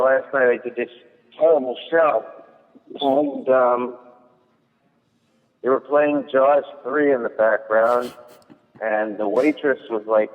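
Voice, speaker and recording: A male comedian chatting casually, telling a rambling story with many fillers and restarts. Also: medium pitch. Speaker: guest comedian. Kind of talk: casual chat. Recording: thin phone-like sound with long echo.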